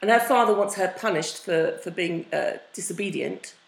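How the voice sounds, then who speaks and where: A woman co-hosting a podcast in casual chat, enthusiastic and quick to laugh. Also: lowish voice, vocal fry. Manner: enthusiastic fan, laughs often. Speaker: podcast co-host. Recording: roomy echo.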